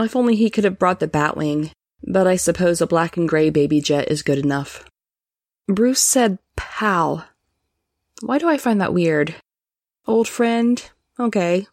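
A woman's voice: mid-range voice, dry recording, studio quality. A woman podcast host reading a novel aloud, with wry, chatty comments between the passages.

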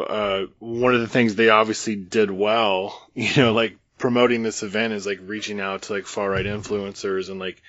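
A man's voice: on the low side, fairly bright tone, no echo, dull audio. A man hosting a podcast interview, talking loosely with many fillers. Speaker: podcast host. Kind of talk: casual interview chat.

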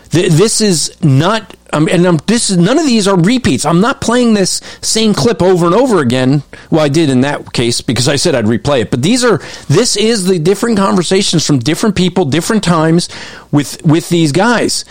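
A man's voice: on the high side, no echo. A man giving emphatic, repetitive commentary over video clips. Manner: emphatic and repetitive, restarts often.

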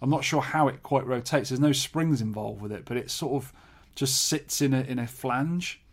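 A man's voice: medium pitch, normal speed. An English man co-hosting a podcast, rambling in a dry, offhand way about arcade joysticks. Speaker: podcast co-host. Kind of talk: casual chat about arcade hardware.

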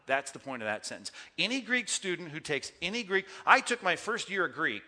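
A pastor teaches Greek grammar from the pulpit, his voice very bright and ringing, pitched a little high. He drives points home with emphasis and dry joking asides and keeps checking in with his listeners. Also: sing-song, brisk. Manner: emphatic, joking asides, rhetorical "okay?" and "right?". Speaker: pastor teaching a Bible class.

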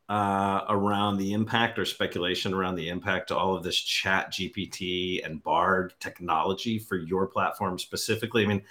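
A man's voice: low voice, bright, forceful tone. A man hosting a podcast, upbeat and teasing in casual banter. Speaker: podcast host.

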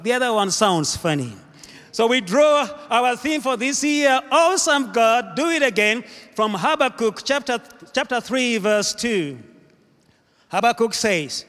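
A man's voice: high-pitched, unhurried, sharp tone. A man preaching a sermon as pastor, leading the congregation in call-and-response and driving points home with rhythmic repetition. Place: church sanctuary with live congregation. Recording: echoey church hall reverb.

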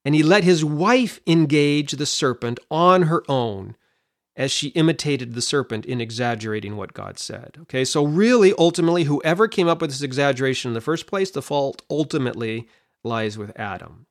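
A man's voice: fairly high pitch, moderate pace. A man teaching a Bible passage in an explanatory way, often repeating a word as he thinks. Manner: animated, explanatory, repeats words while thinking.

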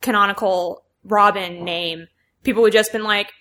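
A woman guest in a casual podcast chat, talking quickly and laughing often. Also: mid-range voice, fairly even intonation, a bit bright. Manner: quick, laughing nerd talk.

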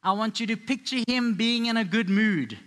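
A man's voice: sits high, normal speed, fairly bright tone. A man preaching a sermon to a live congregation, telling Bible stories in a playful, conversational way. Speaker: pastor.

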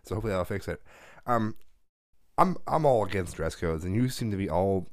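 Profane ranting man with a low voice. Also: animated, a little fast. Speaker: podcast co-host. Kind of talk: casual chat.

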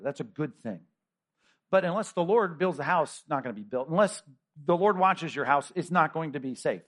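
A middle-aged man, a pastor, preaching a sermon in a conversational, emphatic way, with rhetorical questions and frequent restarts. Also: on the high side.

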